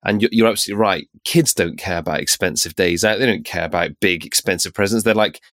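A man's voice: deep voice, fast, few pauses, fairly bright tone, no echo, studio quality. Earnest man in casual podcast chat. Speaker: podcast co-host. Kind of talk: casual conversation.

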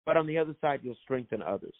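A man's voice: mid-range voice, expressive, quick pace, dry recording. A man, an author and minister, telling his faith story as a guest in an emphatic, preacherly way and repeating phrases for effect. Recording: thin phone-like sound, dry.

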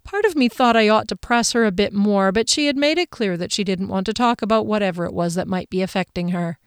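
A woman narrating a first-person audiobook in a measured, expressive way. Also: medium pitch, clear, resonant tone, no room sound, studio quality.

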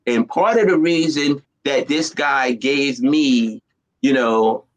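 A man's voice: mid-range voice, slow pace, rough recording. A man, a comedian guest, telling stories in casual chat with street slang. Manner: animated storyteller, street slang.

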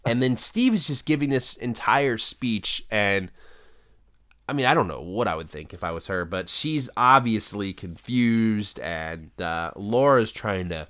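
A man with a fairly low voice talks through an episode recap in an easygoing, rambling way. His delivery is casual podcast chat, loose and full of small fillers. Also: animated, measured pace, a bit bright. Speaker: podcast co-host.

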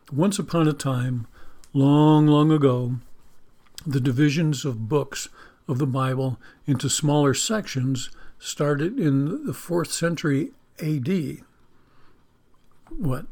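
A man preaching in an unhurried, folksy way, with a voice sitting a little above the usual male range. He teaches from the Bible, jokes about quirks of English, and leads a spoken prayer. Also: on the high side, a little mellow. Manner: slow, folksy, joking about English spelling.

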